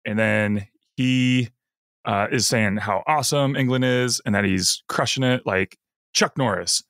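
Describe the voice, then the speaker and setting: A man co-hosting a podcast, briskly retelling an episode's plot in run-on casual chat. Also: medium pitch, fairly bright tone, no room sound, clean studio sound. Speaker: podcast co-host.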